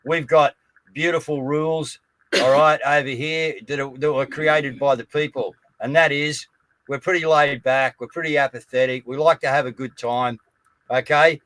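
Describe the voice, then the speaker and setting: A man's voice: fairly high pitch, steady tone, moderate pace, fairly bright tone, no room sound. An Australian man hosting a live online news show, rallying his listeners and often checking in with "guys, all right?". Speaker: host.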